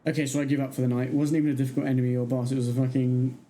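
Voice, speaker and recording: A man's voice: medium pitch, flat delivery, rapid-fire, dark tone, a little hiss or hum, rough recording. A young man chatting casually while streaming a game, laughing easily as he plays. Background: game music.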